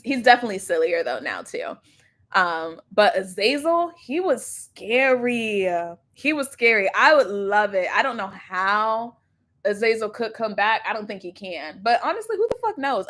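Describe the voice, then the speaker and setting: Lively chatty young woman livestreaming. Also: medium pitch. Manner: rambling, chatty, laughs often, swears casually. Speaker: livestream reaction host. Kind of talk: casual livestream chat.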